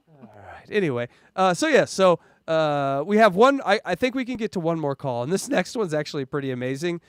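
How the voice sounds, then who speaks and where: A man hosting a casual livestream, joking around and hyping donations in an excitable way. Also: a little high, normal speed, clear, resonant tone, dry recording, studio quality. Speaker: livestream host.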